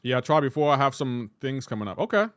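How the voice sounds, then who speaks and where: A man's voice: mid-range voice, big pitch swings, fast, no room sound, clean studio sound. A man with a light Southern US accent, a gaming streamer chatting casually and reacting to his viewers' messages. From Southern United States. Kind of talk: casual live-stream chat.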